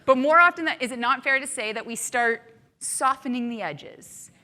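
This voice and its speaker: A woman with a fairly high, bright voice delivers a motivational keynote to a live audience. She talks in an animated way and keeps asking the room questions. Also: moderate pace, long reverb tail. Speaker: keynote speaker.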